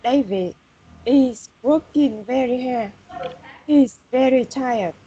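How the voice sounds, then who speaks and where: Halting, husky-voiced woman student. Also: high voice, warm tone. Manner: halting, careful word-by-word reading. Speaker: English student. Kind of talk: reading aloud haltingly. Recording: dull lo-fi audio.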